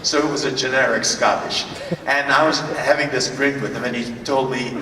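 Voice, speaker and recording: An older man telling stories as a convention panel guest, halting with many fillers and restarts, recorded from far off in a large hall. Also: mid-range voice, steady tone, sharp tone, slight background noise. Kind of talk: anecdotal storytelling. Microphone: far from the recording camera.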